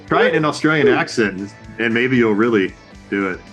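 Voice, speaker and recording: Brief: earnest co-host, mid-pitched man, faint music underneath. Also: animated, a little fast, fairly bright tone. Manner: earnest, conversational, making points one by one. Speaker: podcast co-host. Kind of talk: casual chat.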